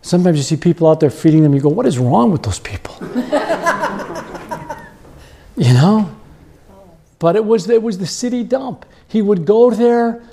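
A man preaching a sermon with animated storytelling, chuckling often as he talks. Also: high voice, moderate pace.

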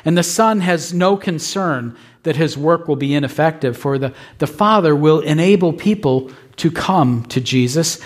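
A man's voice: a little high, moderate pace, few pauses. A male pastor preaching a sermon with emphatic repetition, often checking in with his listeners. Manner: emphatic, asks the congregation "right?".

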